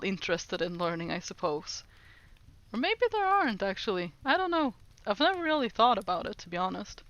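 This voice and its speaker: A woman's voice: mid-range voice, fairly bright tone, no echo. A woman streamer chatting casually with her chat, laughing often. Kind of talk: casual livestream chat, reading chat aloud.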